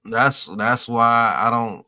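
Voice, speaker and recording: A man's voice: medium pitch, flat delivery, takes it slowly, sharp tone. Man co-host, casual chat, short reactive comments. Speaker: co-host watching the game.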